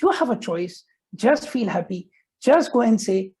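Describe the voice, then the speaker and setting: A man, a banker guest on a podcast, talking earnestly with many pauses and fillers. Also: very high-pitched, lively intonation, a little mellow, husky, low-quality recording. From India. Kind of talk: casual interview chat.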